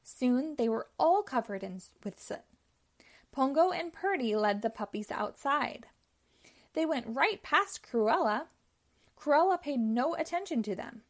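A woman with a fairly high voice reads a children's storybook aloud, telling it clearly and expressively. Her pitch rises and falls in a lively, animated melody.

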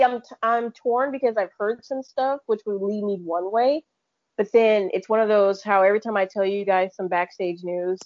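A woman's voice: mid-range voice, darkish tone, dry recording. Rambling woman on dry, dull audio. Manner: rambling, with many restarts. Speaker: podcast co-host. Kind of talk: casual chat.

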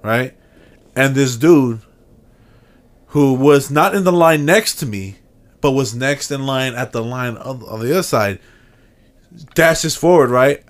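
A man co-hosting a casual podcast, telling a story in a profane, animated way. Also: mid-range voice, a little slow, long pauses. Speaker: podcast co-host.

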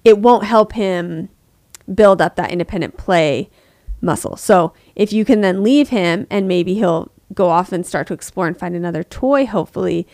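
A woman's voice: fairly low pitch, moderate pace, a little mellow, no room sound, clean studio sound. A woman in her thirties co-hosting a parenting podcast, chatting casually and acting out quoted voices. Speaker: podcast co-host.

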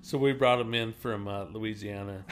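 A man's voice: lowish voice, normal speed, a little hiss or hum. A man with a Permian Basin drawl hosting a podcast, telling crude stories with lots of laughter. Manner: crude, laughing, animated storyteller. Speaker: podcast host. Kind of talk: casual podcast chat.

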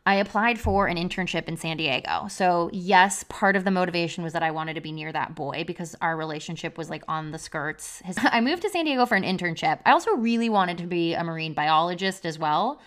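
On a podcast, a young adult woman tells a personal story in a candid, confessional way, using "like" as a constant filler. Her voice is lowish and a bit bright, and she talks fairly quickly with few pauses.

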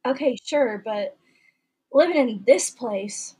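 A woman's voice: a little high, animated, slow pace, warm tone, breathy edge, exaggerated voice. A woman putting on a drawling Southern teen boy. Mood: earnest. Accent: put-on Southern US. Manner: hammy, old-timey stage delivery. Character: earnest teenage boy hero with Southern drawl. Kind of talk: podcast table read.

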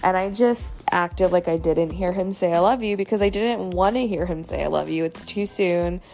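A young woman tells a personal story in loose, casual talk, leaning on "like" and "you know". Her voice sits low with a gravelly fry, and faint music plays underneath. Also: normal speed, a little mellow. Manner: chatty, many fillers like "you know" and "like". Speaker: storyteller sharing a dating story.

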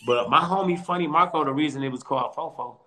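A quick, bright-voiced man tells stories from home over a call. He is animated and laughs often, and he tumbles through quick restarts in loose interview chat. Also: fairly high pitch. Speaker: comedian guest. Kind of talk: casual storytelling interview.

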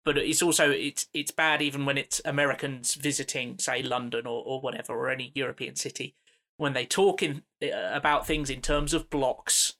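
A man co-hosting a podcast, griping mildly with hesitant pauses. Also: medium pitch, steady tone, sharp tone. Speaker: podcast co-host. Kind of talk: casual chat.

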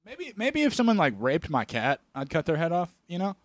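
A man co-hosting a casual podcast, telling rambling stories full of swearing. His voice sits a bit high and moves a lot. He is close on a podcast mic in a dry room. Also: huge pitch swings, brisk, no echo. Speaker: podcast co-host. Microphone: studio podcast mic.

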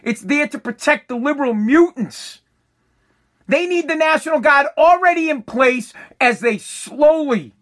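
A working contractor who runs his own business launches into a heated, profane political rant, hammering the same points again and again. His male voice is very high-pitched, pushed, and bright.

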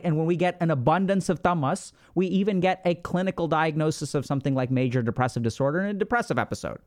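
A man hosting a podcast, explaining in a casual, animated way, often acting out inner voices and asking "right?". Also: a little high. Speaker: podcast host.

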